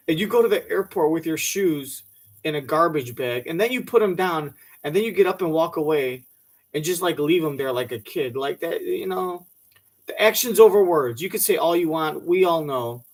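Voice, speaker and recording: A man's voice: a little high, animated, moderate pace. A man ranting in a mocking, profane comedic way, swearing freely and putting on voices. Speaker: commentator reacting to a talk show clip.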